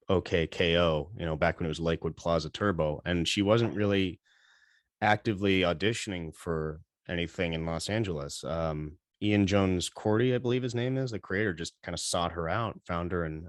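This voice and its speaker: A man's voice: low-pitched, no echo, studio quality. A man speaking as a voice actor guest on a convention panel, hesitant and full of fillers.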